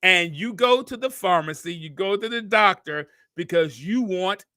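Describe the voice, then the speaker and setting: A man, his voice high and bright, hosting a talk show. He stammers into his questions, then builds a rhythmic, repeating run of points like a preacher. The sound is close and dry. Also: lively intonation, no room sound. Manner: drawn-out, preacherly, repeats phrases for emphasis. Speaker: podcast host. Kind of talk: casual interview talk.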